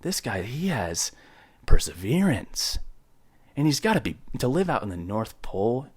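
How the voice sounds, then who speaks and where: A man's voice: mid-range voice, very animated, measured pace, breathy edge, no echo. A young man hosting his own podcast in a joking, rambling rant, mock-outraged, close to the mic. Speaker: podcast host. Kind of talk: solo comedic podcast rant.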